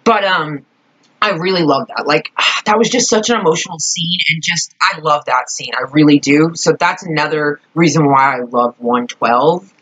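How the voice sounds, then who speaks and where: Low, husky young woman vlogger. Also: normal speed. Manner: rambling, expressive, swears casually. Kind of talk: casual fan chat. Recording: dull lo-fi home recording.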